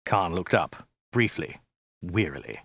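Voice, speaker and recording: A man reading a story aloud in a dry, deadpan narrating manner. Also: deep voice, measured pace, vocal fry, husky, no echo. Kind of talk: scripted narration.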